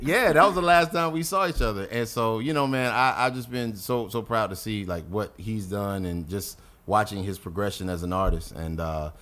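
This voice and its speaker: A middle-aged man from North Carolina, a guest rapper on a podcast, telling stories in a casual, profane and animated way and acting out quotes. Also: lowish voice, normal speed, few pauses. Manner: animated, profane storyteller who acts out quotes.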